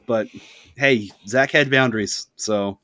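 A man co-hosting a podcast in casual chat, wry and blunt, quick with interjections. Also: medium pitch, sharp tone, no room sound, clean studio sound. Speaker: podcast co-host.

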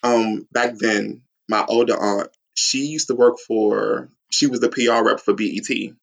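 A man telling a long, excited story in casual chat, acting out quotes and laughing often. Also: a little slow, gravelly. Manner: excitable, acts out quotes with big pitch jumps. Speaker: guest, superfan.

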